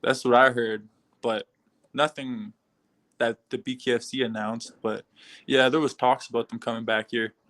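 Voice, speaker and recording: A young man with an average, middle-pitched voice, answering questions over a video call. He talks in an easygoing, laid-back way and breaks into soft laughs now and then. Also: flat delivery, normal speed. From Canada. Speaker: fighter being interviewed. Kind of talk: casual interview answers.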